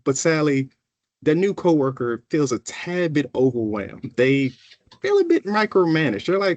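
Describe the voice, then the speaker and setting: A man presenting a workplace training in a casual, animated way, acting out coworkers' voices as he goes. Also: on the high side, moderate pace, no room sound, highs cut off. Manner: animated, conversational, acts out coworkers. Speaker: equity officer presenting a workshop.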